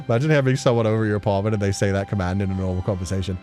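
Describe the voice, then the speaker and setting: A man chatting casually on a livestream, playful and quick to laugh, answering questions from chat. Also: on the low side, little pitch movement, darkish tone, faint music behind. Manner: chatty and playful, laughing often between thoughts. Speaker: streamer. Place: at home.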